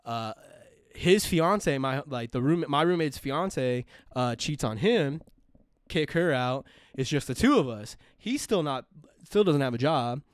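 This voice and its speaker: A young man chats casually on a podcast, swearing freely and circling back with lots of fillers and restarts. His voice is smooth and clear, mid-pitched, and sits in a very dry, close space. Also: lively intonation, measured pace, no echo. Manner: profane, rambling, full of fillers and restarts. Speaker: podcast co-host. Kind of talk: casual storytelling chat.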